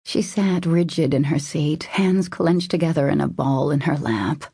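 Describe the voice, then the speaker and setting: Woman narrating an audiobook, deep husky voice, dry close sound. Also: measured pace, warm tone, no echo. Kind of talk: scripted narration.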